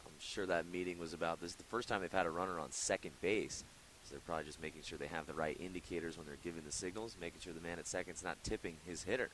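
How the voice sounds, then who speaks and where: Deep-voiced quick-talking male color commentator. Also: steady tone, fairly bright tone, a little hiss or hum, low-quality recording.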